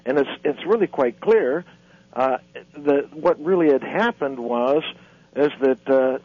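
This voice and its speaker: A man speaking as an author and lecturer guest on a radio interview, halting and repeating words as he tells his story. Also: medium pitch, expressive, no room sound. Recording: dull lo-fi radio audio.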